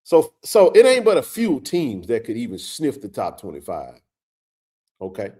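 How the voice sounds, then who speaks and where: Fiery, animated livestream sports host. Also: male voice, medium pitch, normal speed, breathy edge. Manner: fiery, preachy, colloquial, repeats himself for emphasis. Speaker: host of a college football show.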